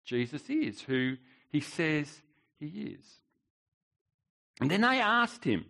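A man's voice: on the high side, sing-song, slow, gravelly, long pauses, pushed and bright. A male pastor preaching a sermon, emphatic, with rhetorical questions and repeated words.

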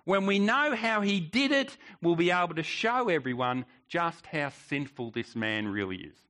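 A man's voice: a little high, lively intonation, moderate pace, fairly bright tone. A male pastor preaching a sermon, emphatic, with rhetorical questions and repeated words.

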